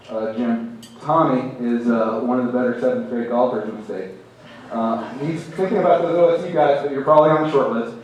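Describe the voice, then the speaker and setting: Middle-aged man, halting speech in a very echoey hall. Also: mid-range voice, a little mellow, slight background noise. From Oklahoma. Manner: halting, many restarts and repeated words; self-deprecating humor. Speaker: hall of fame inductee. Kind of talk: acceptance speech. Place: banquet hall. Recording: very echoey hall, heard from a distance.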